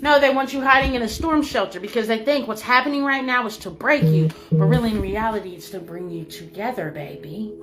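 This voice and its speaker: A woman giving a spiritual reading in an emphatic, repetitive way, swinging between loud and soft. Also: fairly high pitch, fairly quick, hardly any pauses. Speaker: spiritual reader. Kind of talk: spiritual channeling monologue. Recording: music playing behind.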